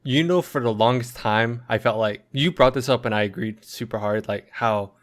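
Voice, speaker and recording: A male podcast co-host of medium pitch chats casually at a moderate pace, rambling loosely and filling his speech with fillers.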